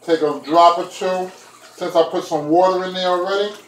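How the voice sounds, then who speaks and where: A man's voice: high-pitched, fairly even intonation, moderate pace, roomy sound, a little hiss or hum, poor audio. A man chatting casually to his viewers while he makes food in his kitchen, talking to them directly. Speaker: vlogger. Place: home kitchen.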